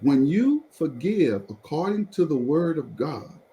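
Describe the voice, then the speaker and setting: A pastor telling a personal testimony in conversation, animated and repeatedly drawing the listener in to follow along. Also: male voice, on the high side, unhurried, slight background noise, low-quality recording.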